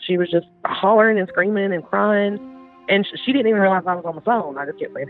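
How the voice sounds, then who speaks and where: A woman's voice: mid-range voice, quick pace. A woman, the victim's older sister, emotionally recalling events in an interview and repeating phrases as she goes. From Georgia, US. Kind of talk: interview recollection. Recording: tinny phone-line interview with music behind.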